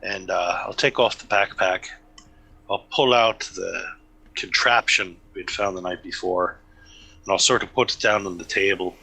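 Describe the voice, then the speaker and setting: Bright-voiced hesitant male player. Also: low-pitched, steady tone, moderate pace, breathy edge, rough recording. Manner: hesitant, describing his actions. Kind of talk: tabletop role-play.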